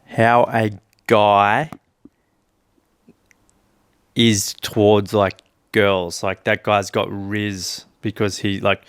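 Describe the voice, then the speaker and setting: A man's voice: on the low side, flat delivery, drawn-out words, pauses often, clear, resonant tone, no room sound. A man co-hosting a podcast in casual chat, easygoing and laid-back. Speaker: podcast co-host.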